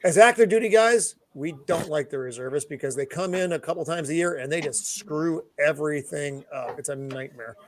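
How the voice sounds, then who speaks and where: A man's voice: on the high side, a little fast, few pauses. An easygoing American man in casual panel chat who jokes about himself. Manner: easygoing, self-deprecating. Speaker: panel member, serving soldier.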